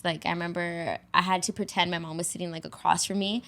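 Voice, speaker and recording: A woman's voice: on the low side, fairly even intonation, fast talker. Candid woman sharing with fillers. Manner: candid, heartfelt, filler-heavy with frequent "like". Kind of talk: casual podcast conversation.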